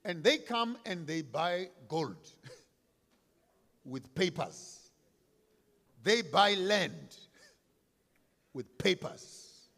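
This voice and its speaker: A man delivers a fiery public speech, repeating key lines and swinging between near-whispers and shouts. His voice sits high and rings bright and forceful. The sound carries the long reverb of a large hall. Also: big pitch swings, very slow, long pauses. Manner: declamatory, repetitive emphasis, swinging from hushed to shouted. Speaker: speaker at a commemorative event.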